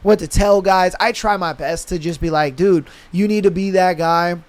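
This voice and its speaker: A man's voice: high voice, moderate pace. A young man hosting a podcast, ranting bluntly in casual slang and profanity, often acting out what others say. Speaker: podcast host. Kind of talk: casual opinion rant.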